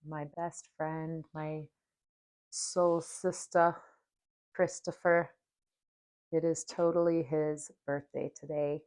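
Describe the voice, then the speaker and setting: A woman hosting a spiritual podcast, talking softly and dreamily and at times guiding a meditation, sometimes dropping to near-whispers. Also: low voice, steady tone. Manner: soft, slow and dreamy, drifting into near-whispers. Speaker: podcast host.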